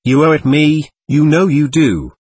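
A man's voice: on the high side, animated, a little slow, darkish tone, breathy edge, dry recording, distant mic, pitched above the performer's own voice. A man doing a sneering, sulky young man. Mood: grumbling. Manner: grinning, grumbling demands.

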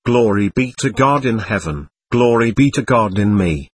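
A man voicing an excitable, melancholy young man who rambles through toasts and gloom. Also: lowish voice, moderate pace, husky. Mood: brooding.

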